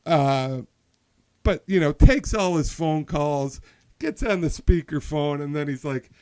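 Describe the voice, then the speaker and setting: A man's voice: fairly high pitch, measured pace, darkish tone, clean tone. A man hosting a podcast in casual chat, telling a hypothetical story with many restarts and asides. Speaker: podcast host.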